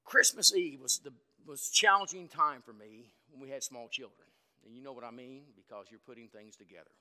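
A man preaching an evening sermon in a folksy, conversational way, asking the congregation questions and swinging from loud to soft. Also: mid-range voice, expressive, fairly quick. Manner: dynamic, swings from loud to quiet.

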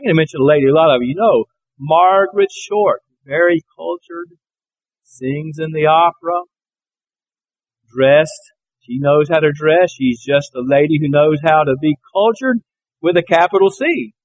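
High-voiced man preaching, folksy stories. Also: normal speed, no echo, muffled recording. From Alabama, USA. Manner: folksy, anecdotal storytelling. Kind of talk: sermon.

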